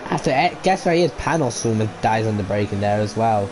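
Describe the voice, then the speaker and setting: Excitable male race commentator with a cold. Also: fairly low pitch, fast talker. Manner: excitable, rising sharply in tense moments, dry sarcasm. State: has a cold, blocked nose. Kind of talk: live sim racing commentary. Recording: home setup with clear background noise.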